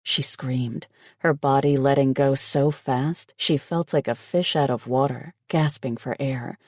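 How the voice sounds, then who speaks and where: A man reading a romance audiobook in scripted narration, slow and steady. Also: medium pitch, no echo, clean studio sound.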